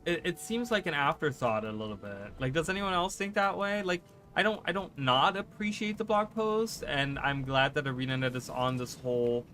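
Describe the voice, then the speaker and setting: A man streaming live gameplay who chats fast and rambles, often restarting his sentences. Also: a little high, bright, forceful tone, slight background noise. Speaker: gaming streamer.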